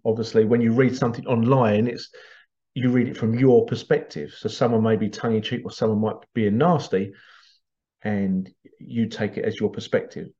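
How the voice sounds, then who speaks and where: A man's voice: fairly low pitch, steady tone, moderate pace, warm tone, dull audio. A man hosting a podcast, talking in a loose, rambling monologue with frequent restarts and laughs. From Britain. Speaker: podcast host. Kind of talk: casual monologue.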